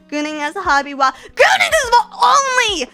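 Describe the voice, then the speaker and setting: A very high-pitched woman streamer with a bright, sharp edge, from Canada, in a comedic rant. She wails and half-sobs through her complaints, then bursts into crude, shouted outbursts. The whole delivery is theatrical and over the top. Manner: melodramatic, wailing mock sobs and shouting, crude. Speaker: VTuber streamer.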